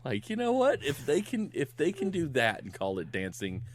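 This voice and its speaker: A middle-aged man co-hosts a podcast recapping a film in casual chat, laughing often and acting out the characters' lines. His mid-range voice swings hugely in pitch, and his pace is moderate.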